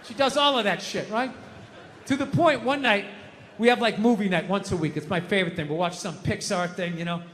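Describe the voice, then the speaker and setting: A man's voice: high voice, fairly quick, a bit bright. A middle-aged man performing stand-up comedy, swearing a lot and acting out his own outbursts. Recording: reverberant hall, faint noise.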